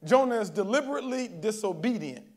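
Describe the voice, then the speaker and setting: A man delivers a sermon to his congregation in a relaxed, talky preaching style. His voice sits noticeably high for a man, and he keeps pausing to check that the room is following him. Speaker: pastor. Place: church service.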